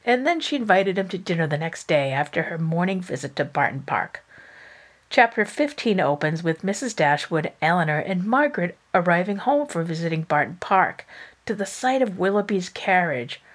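A woman podcast host with an upbeat, clear delivery, reading a novel aloud. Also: fairly low pitch, expressive, moderate pace.

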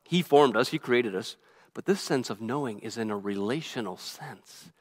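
A man preaches a sermon in a rushed, earnest flow, stumbling over and restarting his phrases. His voice sits at an ordinary middle pitch. A long reverb trails every line, as in a church sanctuary. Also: animated. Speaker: pastor. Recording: reverberant hall.

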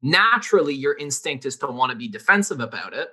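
A man explains in an animated, loose way, packed with fillers. His voice is strikingly bright and forward at an ordinary middle pitch. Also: fast talker, slightly rough. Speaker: podcast co-host. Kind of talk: casual conversation.

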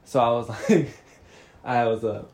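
A man's voice: mid-range voice, measured pace, a little mellow. A young man co-hosting a casual podcast, his voice sitting in an ordinary middle range. He tells the story in loose slang and swears freely, often laughing as he talks. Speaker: podcast co-host.

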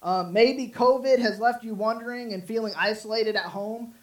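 Earnest higher-voiced pastor. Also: male voice, normal speed, poor audio. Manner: earnest, repetitive with frequent restarts and fillers. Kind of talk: sermon.

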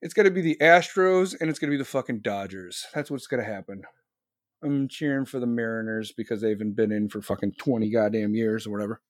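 A man's voice: fairly low pitch, quick pace, no room sound, studio quality. A man hosting a livestream, rambling in casual, heavily profane chat. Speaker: livestream host.

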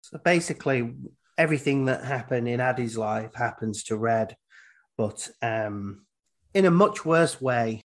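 A man's voice: medium pitch, lively intonation, a little slow. Chatty man recapping a film. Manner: retells scenes, acting out the characters' lines. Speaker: podcast host. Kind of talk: casual film recap chat.

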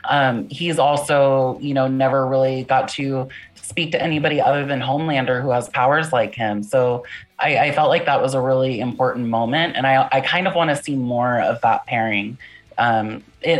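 A podcast panelist speaking earnestly and thoughtfully in a casual chat, slowing down with small hesitations. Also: medium pitch.

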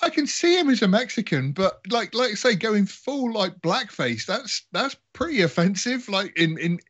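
A man's voice: high-pitched, sing-song, moderate pace, a bit bright, dull audio. A man in casual podcast chat, rambling and laughing as he tells stories.

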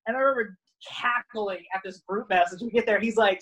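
A man's voice: high voice, brisk, rough recording. Rambling young man chatting loosely. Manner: rambling, heavy use of "like", animated retelling. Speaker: guest wrestler. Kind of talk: casual podcast chat.

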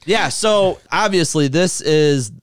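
A man hosting a casual movie podcast, talking loosely with swearing and rattling through a list fast. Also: on the high side, lively intonation, clean tone, no room sound, studio quality. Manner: loose, profane, reads lists quickly. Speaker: podcast host.

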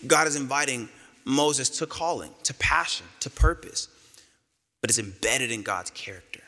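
Male pastor, bright tone, easygoing humorous sermon delivery, big echoing church hall. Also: medium pitch, animated. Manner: casual, joking storyteller with quick quoted voices.

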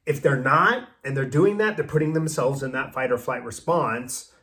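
A man's voice: medium pitch, normal speed, bright, forceful tone. A man who works as a personal trainer, co-hosting a podcast in casual chat and explaining things in an easygoing way. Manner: easygoing, explanatory, drifts into acted-out dialogue.

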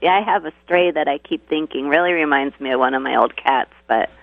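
A woman calls into a radio show over a thin, tinny phone line. Her voice sits low with a gravelly edge, and she speaks softly, murmuring agreement between thoughts. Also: fairly quick, no room sound. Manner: soft, agreeable, frequent murmured mm-hmms. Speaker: caller. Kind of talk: phone-in conversation.

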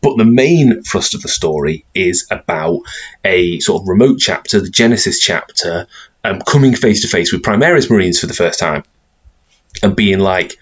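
A man co-hosting a podcast in casual chat, relaxed and hesitant with many ums. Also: low-pitched, normal speed, breathy edge. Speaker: podcast co-host. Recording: slightly dull lo-fi recording.

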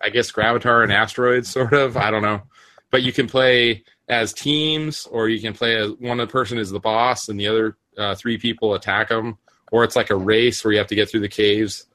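A man's voice: on the low side, fairly even intonation, normal speed, pushed and bright, no echo. A man hosting a casual podcast chat, rambling with frequent restarts and fillers. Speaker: podcast host.

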